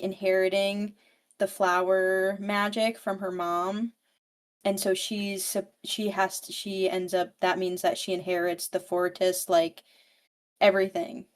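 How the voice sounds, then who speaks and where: A woman co-hosting a podcast, recapping a novel in casual, rambling chat full of "like" and swearing. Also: mid-range voice. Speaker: podcast co-host.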